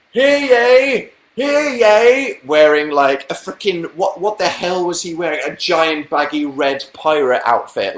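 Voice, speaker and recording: A man's voice: a little high, a bit bright. A young British man chatting casually on a live stream, reading out viewer comments with dry, sarcastic asides. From Britain. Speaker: livestream host.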